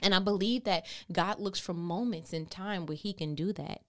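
A woman hosting a casual faith talk, animated, laughing often and acting out biblical scenes in everyday slang. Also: on the low side, normal speed, few pauses. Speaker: podcast host.

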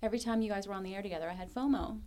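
A woman's voice: medium pitch, racing, a little mellow. A woman co-hosting a casual chat podcast, telling stories animatedly, laughing often and dropping into mock whispers. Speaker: podcast co-host.

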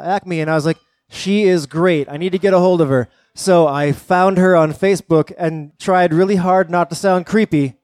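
A man's voice: on the high side, a little mellow, no echo, studio quality. A man hosting a show, introducing the next act casually and with a few fillers. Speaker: show host. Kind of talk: introducing acts.

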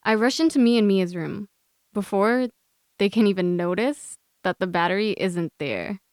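Young woman with a smooth, clear voice. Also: medium pitch, normal speed, darkish tone, no echo, studio quality. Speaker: guest author. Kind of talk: reading a personal essay aloud.

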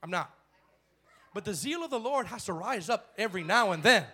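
A male pastor preaching a bold sermon in church, swinging from shouted lines to hushed ones. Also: high voice, animated, a little fast, husky.

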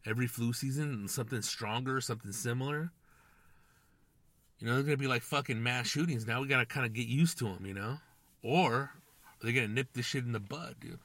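Young male podcast host, bright, dry close sound, swears constantly, rambles. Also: medium pitch, brisk, dry recording. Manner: profane, rambling, slangy, says "dude" and "man". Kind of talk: casual monologue.

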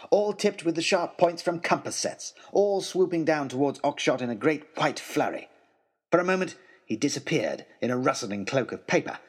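A man narrating a children's adventure story in a dramatic, expressive storytelling manner. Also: fairly high pitch.

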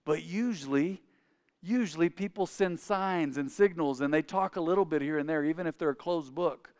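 High-voiced man preaching in a reverberant hall. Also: clean tone. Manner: animated, acts out dialogue in quick voices. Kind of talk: sermon-style storytelling.

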